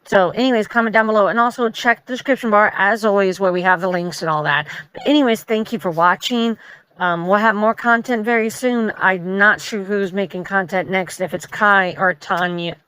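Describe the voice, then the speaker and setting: Chatty woman reacting to memes, bright clear voice, dry close sound. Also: mid-range voice, no room sound, rough recording. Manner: chatty, opinionated, reads memes aloud in quick voices. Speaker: meme reaction host. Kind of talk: casual meme reaction commentary.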